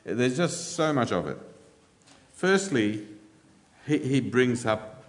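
A man's voice: medium pitch, lively intonation, slow. A man preaching a sermon in an earnest way, with frequent ums and rhetorical questions. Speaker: pastor. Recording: reverberant church hall.

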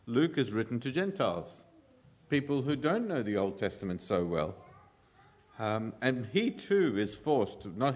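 Man preaching a sermon. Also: medium pitch. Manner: expository, shifts loud and soft for emphasis.

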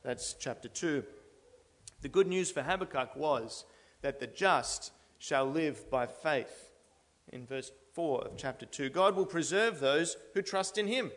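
A man's voice: a little high, expressive, a little slow. A man preaching an expository sermon in a church, speaking earnestly and building to emphatic declarations. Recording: long reverb of a large hall.

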